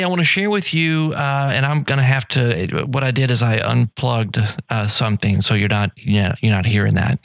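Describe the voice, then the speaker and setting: Gravelly-voiced middle-aged male radio host. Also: mid-range voice, no echo. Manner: rambling, friendly, many fillers and restarts. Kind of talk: casual live radio talk. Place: radio studio.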